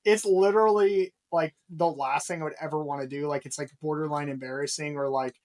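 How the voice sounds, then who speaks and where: A man's voice: a little high, steady tone, a little fast, darkish tone. A man talking as a podcast guest, rambling with lots of fillers and frequent laughter. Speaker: guest, real estate investor. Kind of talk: casual podcast interview.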